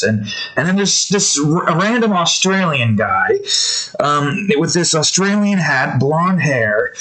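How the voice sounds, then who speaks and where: Speaking at a moderate pace in a mid-range voice with a bit of brightness, a man draws live and chats with viewers. His talk is chaotic and rambling, full of self-corrections, and the audio is rough.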